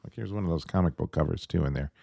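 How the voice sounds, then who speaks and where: A man's voice: deep voice, racing, vocal fry, dark tone, no room sound, clean studio sound. A man giving an enthusiastic, rambling video review at home, with many fillers. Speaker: tabletop game reviewer. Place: at home with his dog nearby.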